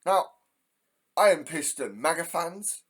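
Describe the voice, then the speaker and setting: A man's voice: on the high side, expressive, slow, slightly rough. English guy ranting angrily, lots of swearing, heated solo monologue. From England. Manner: angry, profane, heated. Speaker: host.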